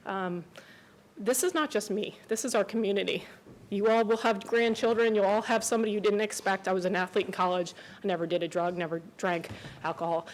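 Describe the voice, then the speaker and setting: A woman's voice: mid-range voice, a little hiss or hum, low-quality recording. Resident woman, forties, earnest and emotional, pleading at a county meeting. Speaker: resident speaking at public comment. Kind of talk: public comment at county meeting.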